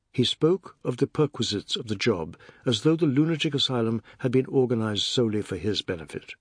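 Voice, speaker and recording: A man narrating a novel as an audiobook in a measured, expressive reading. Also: mid-range voice, breathy edge, no room sound, clean studio sound.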